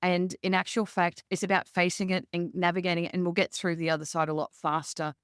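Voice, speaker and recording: A woman with an Australian accent, a leadership expert guest telling stories in a relaxed interview and acting out quotes as she goes. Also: on the low side, fairly quick, clean tone, dry recording, studio quality. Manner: lively, acts out quotes in her stories. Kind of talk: conversational interview storytelling.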